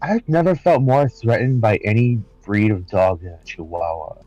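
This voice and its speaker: Laid-back man with a dark voice. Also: lowish voice, moderate pace, dry recording, lo-fi sound. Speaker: podcast guest. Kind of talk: casual chat.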